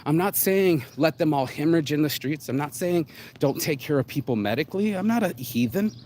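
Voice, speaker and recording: Male host, solo rant, profane and blunt, fairly high voice with sudden pitch leaps. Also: animated, brisk, a little mellow, a little hiss or hum. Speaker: show host. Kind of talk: solo ranting monologue.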